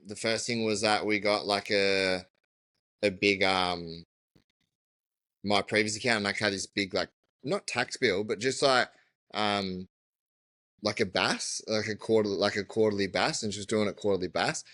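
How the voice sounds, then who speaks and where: A man, a podcast guest who tells his story in a chatty, halting way with many fillers. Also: on the low side, pushed and bright, dry recording. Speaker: guest, electrician business owner. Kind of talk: casual podcast chat.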